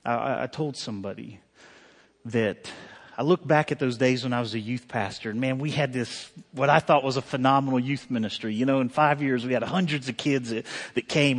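A man, a pastor telling a personal story in a sermon, conversational and heartfelt, with many fillers and restarts. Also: medium pitch. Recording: long hall reverb.

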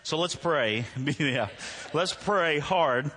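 A man's voice: fairly high pitch, expressive, extremely slow, few pauses, pushed and bright, slightly rough. A middle-aged man preaching a sermon in a church, joking and self-deprecating, laughing at his own stories before turning to prayer. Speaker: pastor. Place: church sanctuary.

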